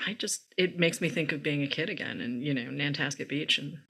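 A woman's voice: deep voice, fairly quick, a crowd in the background. A woman from the Boston area, interviewing an author in an enthusiastic, chatty way. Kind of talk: casual interview talk.

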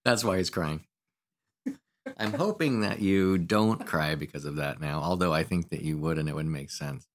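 A man co-hosting a podcast, chatting casually and telling family stories in a relaxed way. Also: low voice, normal speed. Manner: relaxed storyteller, acts out family anecdotes. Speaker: podcast co-host. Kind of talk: casual conversational podcast talk.

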